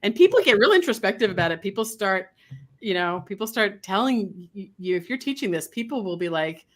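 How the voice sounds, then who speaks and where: Lady dog trainer chatting on an interview, lively, does little voices as she goes. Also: medium pitch, a little fast. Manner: animated, acts out quoted voices. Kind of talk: casual interview talk.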